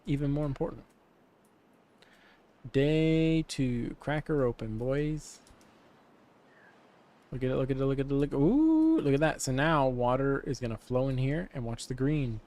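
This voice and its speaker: A man's voice: mid-range voice, fairly even intonation, a little slow, long pauses, a little mellow. A man hosting a let's-play, talking to himself in a goofy, rambling, playfully grandiose way. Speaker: gaming channel host. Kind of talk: casual let's-play commentary. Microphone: studio desk microphone.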